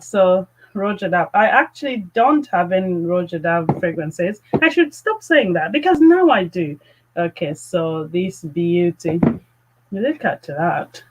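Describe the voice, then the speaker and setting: A woman hosting a live fragrance chat, gushing with excitement and greeting viewers by name. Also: medium pitch, slow pace, low-quality recording. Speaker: fragrance channel host.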